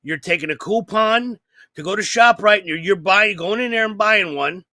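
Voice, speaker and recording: Brash, profane comic host with a high, gravelly voice; a rambling storyteller. Bright and cutting. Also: male voice, normal speed, dry recording, clean studio sound. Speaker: podcast co-host. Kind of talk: comedic storytelling chat.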